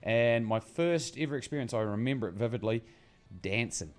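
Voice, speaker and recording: A man's voice: medium pitch, brisk, a little mellow, clear, resonant tone. A young man with a New Zealand accent from the far south, telling his life story in a joking, slangy way as a podcast host. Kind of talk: casual chat.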